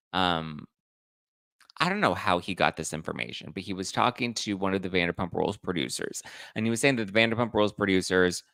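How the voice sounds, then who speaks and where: A young man hosting a gossip live stream, chatty and camp. He sits low in pitch, with a bright, crisp tone over some vocal fry. The sound is close and dry. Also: dry recording. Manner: chatty, camp, reads viewer comments and acts out quotes. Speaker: host. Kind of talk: live-stream pop culture chat.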